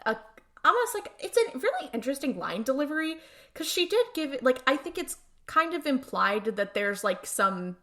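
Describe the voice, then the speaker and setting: A woman's voice: sits high, big pitch swings, normal speed, pushed and bright. A woman co-hosting a podcast, chatting casually about a TV episode and thinking aloud as she goes. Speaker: podcast co-host. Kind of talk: casual rewatch podcast recap.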